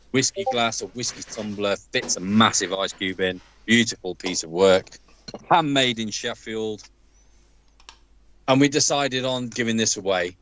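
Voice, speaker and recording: A man's voice: fairly low pitch, a bit bright, no room sound, low-quality recording. An Englishman co-hosting a livestream in casual chat, enthusiastically describing things in lavish terms. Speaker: livestream co-host.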